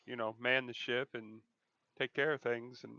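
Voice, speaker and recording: A man's voice: mid-range voice, little pitch movement, moderate pace, sharp tone, no room sound, highs cut off. A man playing a tabletop game, talking hesitantly with many fillers over voice chat. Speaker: player. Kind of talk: casual tabletop play.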